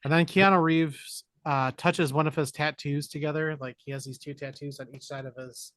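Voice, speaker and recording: Animated man recapping a movie. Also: a little high, moderate pace, dry recording, studio quality. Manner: animated, jokey retelling with put-on character lines. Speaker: podcast co-host. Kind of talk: casual movie recap chat.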